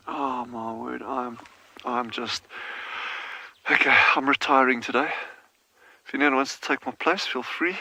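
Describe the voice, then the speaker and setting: A man's voice: medium pitch, steady tone, takes it slowly, gravelly, pauses often, bright, forceful tone, low-quality recording. A man working as a field guide, gushing with overjoyed commentary during a live safari broadcast outdoors. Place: outdoors on a game drive.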